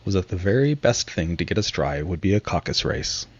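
A man's voice: low-pitched, very animated, brisk, lo-fi sound, heavily acted. A man reading aloud, voicing a solemn, long-winded dodo bird in a storybook. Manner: grave, wordy.

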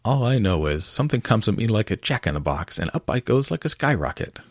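A man's voice: on the low side, sing-song, brisk, dry recording, clean studio sound, voice pushed up. A man voicing a feeble, flustered little creature who stammers out his tale, in a storybook reading.

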